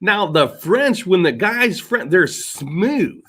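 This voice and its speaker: A man's voice: high-pitched, very animated, slow, bright, forceful tone, husky. A middle-aged man chatting casually as a podcast co-host, rambling and swearing, often laughing. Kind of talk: casual chat.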